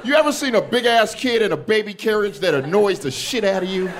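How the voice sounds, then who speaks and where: Punchy, higher-voiced male stand-up comic. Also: brisk, slight background noise. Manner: loud, punchy, laughing through his jokes. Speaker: stand-up comedian. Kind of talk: stand-up set. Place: comedy stage before a live audience.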